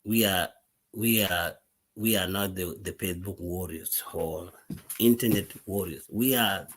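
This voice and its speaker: Husky low South Sudanese man. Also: measured pace, fairly bright tone. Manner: earnest, emphatic storytelling with many repeated words and restarts. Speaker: war veteran speaking to followers. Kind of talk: live social media monologue.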